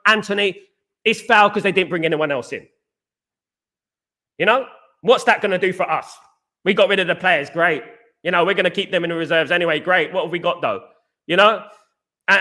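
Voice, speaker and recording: A man's voice: sits high, pushed and bright. A British man hosting a casual live stream, talking emphatically, repeating himself and reading viewer comments aloud. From Britain.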